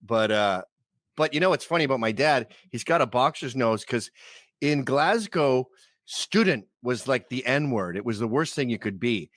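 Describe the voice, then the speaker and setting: A middle-aged Canadian man, a guest on a podcast, tells stories casually in a medium-pitched voice at normal speed. He's animated, acting out the people in his tales with loud put-on voices. The recording is dry.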